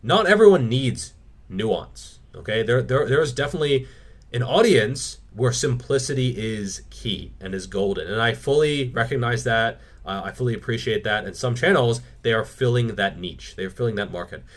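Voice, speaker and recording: A man's voice: mid-range voice, expressive, normal speed. A man hosting his own fitness channel, answering viewer questions in a casual, blunt, opinionated way and swearing freely. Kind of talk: casual Q&A monologue.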